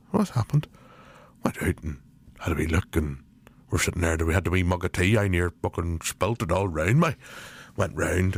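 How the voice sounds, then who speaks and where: A man's voice: creaky, breathy edge, full character voice. A man with a Northern Irish accent voicing a foul-mouthed elderly male butcher in an improvised comedy sketch. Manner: profane, rambling, high strained delivery.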